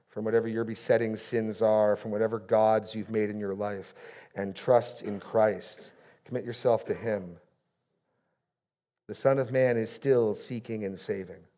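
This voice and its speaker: A man's voice: lowish voice, a little slow, mellow. A man preaching a sermon in church, reading scripture with rising emphasis on key phrases. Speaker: pastor.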